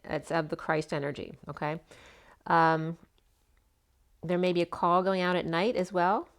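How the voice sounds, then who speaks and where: Casting note: woman tarot reader, slightly hoarse, lowish voice, rambling and chatty. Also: level tone, a little slow. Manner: chatty, meandering, full of asides. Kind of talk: casual spoken tarot reading.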